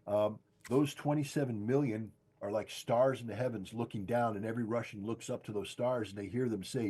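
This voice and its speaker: An older man giving forceful, insistent political commentary as a guest, hammering home his points by repeating them. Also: lowish voice, fairly even intonation, brisk, few pauses, husky. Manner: emphatic, insistent, repeats key phrases. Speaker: guest analyst. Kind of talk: political commentary on a podcast stream.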